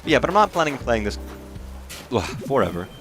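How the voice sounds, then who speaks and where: Male streamer, casual game commentary, animated swings in pitch, swears constantly, rambles into mock outrage, light game music underneath. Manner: profane, rambling, quick to rant at on-screen characters. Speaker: livestreamer.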